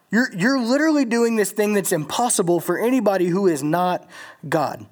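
Casual sermon, animated and slangy, conversational preacher, mid pitch.

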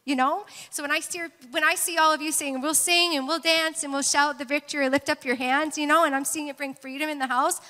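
A woman's voice: high voice, steady tone, a little fast, few pauses, pushed and bright. Female worship leader preaching, earnest and rousing, in a reverberant sanctuary. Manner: earnest, rallying congregation with amens. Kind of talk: sermon. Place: church sanctuary.

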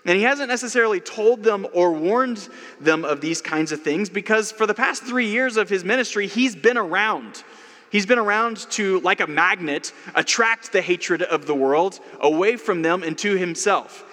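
Man, pastor, conversational sermon, high voice, reverb of a hall. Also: lively intonation, moderate pace, pushed and bright. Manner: conversational preaching with asides.

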